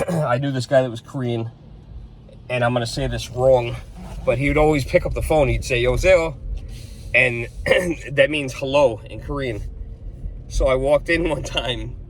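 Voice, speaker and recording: A man's voice: medium pitch, a little hiss or hum. A man talking casually to camera in a rambling, chatty way, often chuckling between stories. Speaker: vlogger.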